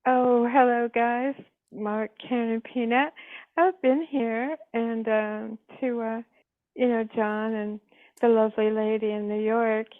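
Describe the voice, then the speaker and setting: A woman's voice: a little high, fairly even intonation, a little slow, no echo. An older woman from California calling in by landline, rambling with many ums and uhs. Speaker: caller. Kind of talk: casual phone call. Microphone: landline phone. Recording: tinny landline phone call.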